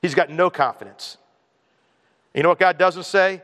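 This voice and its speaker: A male pastor preaching a lively sermon, acting out quoted voices and leading the congregation in responses. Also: sits high, moderate pace. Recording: long hall reverb.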